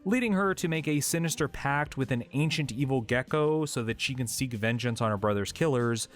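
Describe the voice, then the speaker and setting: A man's voice: medium pitch, fairly quick. A man reading scripted narration for a video essay in a dry, wry explainer manner. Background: faint background music.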